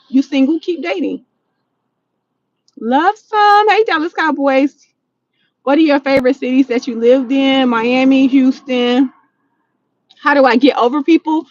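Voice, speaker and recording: A woman with a high voice talks casually to her livestream chat from inside a vehicle. She speaks bluntly and with energy, using plenty of slang and swearing freely. The sound is dull and lo-fi, like phone-streamed audio. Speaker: livestream host answering chat. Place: in a vehicle, driving.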